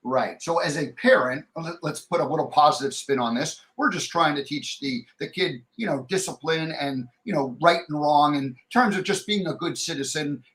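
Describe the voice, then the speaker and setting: A man's voice: on the high side, normal speed, hardly any pauses, a bit bright. A man hosting an interview, reflecting thoughtfully and steering the conversation back to the topic. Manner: reflective, steers the talk with brief affirmations. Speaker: host. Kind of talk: interview talk.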